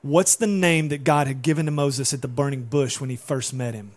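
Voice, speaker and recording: A man preaching a sermon as pastor, animated and often putting questions to his congregation. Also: mid-range voice, a little fast.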